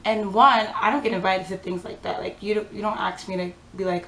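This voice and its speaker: A woman's voice: medium pitch, a little fast, creaky, hardly any pauses, roomy sound, slight background noise, poor audio. A young woman vlogger telling a story in a casual, chatty way, full of fillers and quoted dialogue. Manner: chatty, filler-heavy, animated quoting.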